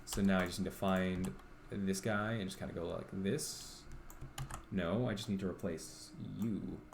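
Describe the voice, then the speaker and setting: Low-voiced man coding on stream. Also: steady tone, unhurried, vocal fry, noisy background. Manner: rambling, self-talking, full of ums and restarts. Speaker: game developer streamer. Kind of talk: livestream thinking aloud while coding.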